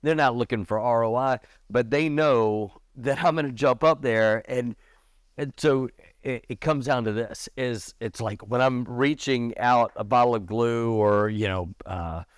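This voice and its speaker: A man's voice: unhurried, smooth, no echo, clean studio sound. A middle-aged man, a podcast guest, chatting casually and animatedly, telling stories and acting out the lines of the people in them. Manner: animated, acts out quotes with a raised pitch. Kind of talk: casual storytelling chat.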